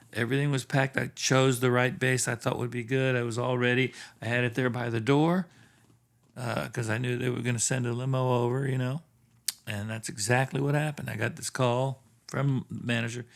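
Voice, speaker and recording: A man who is a session and touring bassist, a podcast guest telling stories from the road in a casual, animated way and acting out the dialogue. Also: vocal fry. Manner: animated storyteller who acts out quoted dialogue. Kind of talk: casual storytelling in a podcast interview. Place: theatre space.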